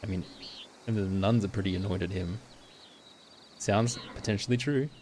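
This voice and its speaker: A man's voice: lowish voice, fairly even intonation, normal speed, a little mellow, slight background noise. A man streaming a game, chatting casually with joking asides. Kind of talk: casual live commentary.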